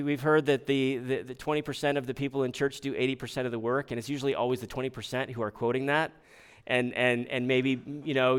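Male preacher at mid pitch, smooth and resonant; chatty sermon, stumbles and restarts. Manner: conversational, asks the congregation rhetorical questions; restarts and repeats words often. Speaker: pastor.

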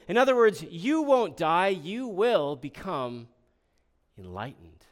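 Guy preaching a sermon, slightly high voice, lively reading of the quotes. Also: takes it slowly. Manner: expressive, rhetorical questions, voices the serpent in quotes.

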